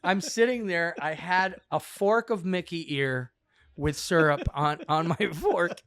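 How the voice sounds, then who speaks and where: Slow, bright-voiced man telling a comic story. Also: on the high side, clear, resonant tone, no room sound, clean studio sound. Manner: animated, laughs through his telling. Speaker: comedian guest. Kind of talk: comic storytelling in podcast chat. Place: backstage at a comedy theatre.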